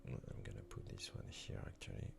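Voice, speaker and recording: A man's voice: a little fast, noisy background. A man commenting while he codes, often frustrated and swearing at his tools. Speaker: developer live-coding on stream. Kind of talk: live-coding commentary.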